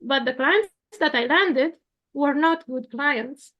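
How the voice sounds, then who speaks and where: In a muffled recording, a Romanian woman in her thirties speaks slowly in a high-pitched voice. She's a guest on a coaching show, an architect who also works as a coach, and in casual conversation she talks earnestly about her coaching work, laughing lightly now and then.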